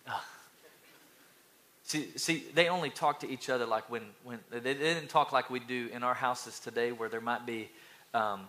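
A male pastor preaching an energetic sermon, calling out to the congregation and building to loud, fired-up passages. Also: medium pitch, moderate pace.

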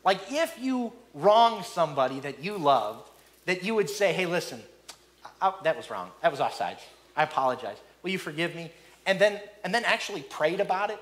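High-voiced animated male preacher. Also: moderate pace. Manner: animated, repeats words, acts out quoted speakers. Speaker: pastor. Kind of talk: sermon.

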